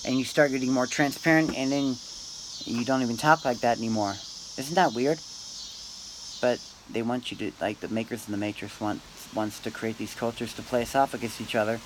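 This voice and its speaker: A man rambling through a meandering, philosophizing monologue to camera, pausing often and tagging lines with "man" and "dude". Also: mid-range voice, fairly even intonation, noisy background. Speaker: vlogger.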